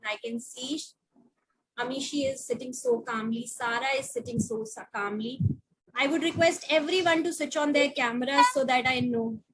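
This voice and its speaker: A woman teacher reading a picture book to young children over a video call, asking them slow, coaxing questions. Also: sits high, noisy background.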